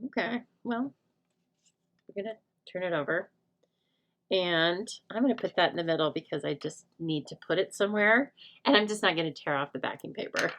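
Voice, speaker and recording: Her voice on the low side and a bit bright, a middle-aged woman keeps a moderate pace as she walks viewers through a stamping craft in a live tutorial, chatting, joking with them, and thinking aloud while working.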